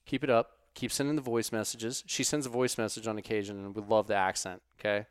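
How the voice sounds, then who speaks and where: A man hosting a podcast in casual, profane chat, swinging from muttered asides to loud outbursts. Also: on the low side, level tone, fast talker, smooth, dry recording, clean studio sound. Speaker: podcast host.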